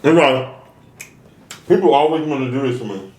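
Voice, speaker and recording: In a room, a mukbang vlogger eats on camera while chatting casually to viewers, venting and asking rhetorical questions. His voice is medium-pitched and darkish with lively intonation at normal speed, and the sound is roomy.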